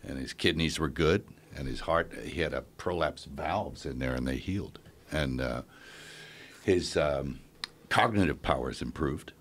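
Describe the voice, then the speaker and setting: A middle-aged man, a podcast guest, telling a story in a halting, anecdotal way with chuckles. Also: a bass voice, slightly rough. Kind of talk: casual chat.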